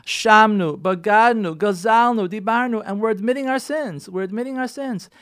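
Lively high-voiced rabbi teaching. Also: male voice, no echo, clean studio sound. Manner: animated, acts out pleading prayers; mixes Hebrew and Yiddish terms into English. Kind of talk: Torah class.

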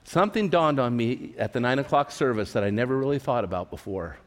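A pastor from California preaches a sermon at a church service, earnest, repeating his words and posing questions to the listeners. His mid-range voice is lively in intonation and fast, with long hall reverb around it.

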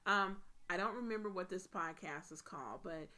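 A woman co-hosting a casual podcast chat, animated and joking, swearing now and then. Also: on the low side, normal speed. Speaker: podcast co-host.

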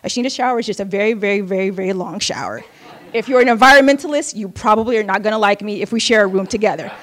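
A woman's voice: medium pitch, very fast, a bit bright. A woman from Oakland telling a personal story with a wry, candid manner, laughing at herself often. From Oakland, United States.

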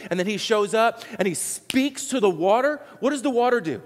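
A man preaching a sermon to his congregation, animated and conversational, acting out what people said, with many restarts. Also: sits high, moderate pace, long reverb tail. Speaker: pastor.

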